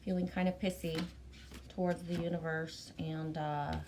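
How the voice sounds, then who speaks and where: A woman's voice: deep voice, flat delivery, moderate pace, noisy background. A woman from Canada with a Canadian accent, hosting a casual livestream, chatty and bubbly, greeting viewers by name and swearing casually. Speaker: livestream host reading chat. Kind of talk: casual live chat.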